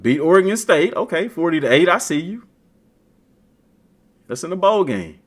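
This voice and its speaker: This streamer's voice is a little high, and he talks at a moderate pace. He chats casually and trash-talks while browsing a game, in an animated, slangy way.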